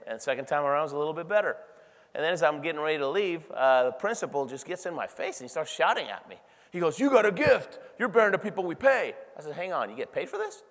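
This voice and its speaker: A man giving a motivational keynote speech at a convention, telling stories in an animated way and laughing often. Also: fairly high pitch. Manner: animated storytelling with frequent laughs. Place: large convention hall. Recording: long hall reverb.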